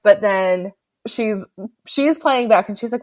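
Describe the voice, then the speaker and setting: A woman's voice: mid-range voice, takes it slowly, a little mellow. A woman co-hosting a podcast, eagerly retelling a horror film scene in casual chat. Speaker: podcast co-host.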